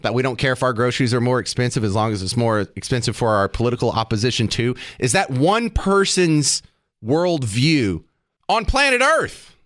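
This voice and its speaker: A sarcastic male talk radio host arguing his points, voice at a mid pitch. The studio sound is dry and close. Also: big pitch swings, normal speed, a bit bright, dry recording. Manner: sarcastic, argumentative.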